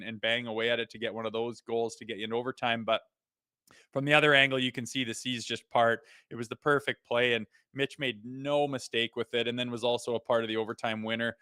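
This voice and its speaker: A man co-hosting a casual hockey podcast, talking excitedly and rambling with lots of "like" as he breaks down plays. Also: mid-range voice, clear, resonant tone, no echo, clean studio sound. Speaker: co-host; father. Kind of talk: casual sports podcast chat.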